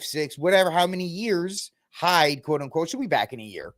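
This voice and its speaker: A sarcastic male podcast host who rants and mocks his subjects in loose, slangy commentary. His voice sits fairly high for a man, and he laughs often between jabs. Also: animated, normal speed, hardly any pauses, fairly bright tone. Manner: sarcastic, mocking, ranting. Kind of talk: casual news commentary.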